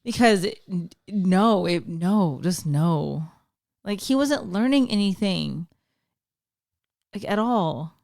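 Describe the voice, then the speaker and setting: A woman's voice: fairly low pitch, animated, slow, creaky, darkish tone. A woman, chatting as a podcast guest and telling stories with lots of fillers. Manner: chatty storyteller with many fillers. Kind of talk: casual chat.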